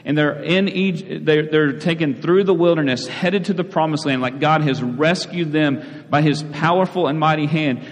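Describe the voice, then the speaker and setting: Man, pastor, chatty sermon delivery, slightly raised pitch, long church-hall echo. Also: moderate pace, few pauses. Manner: conversational, repeats words, frequent "right?" asides.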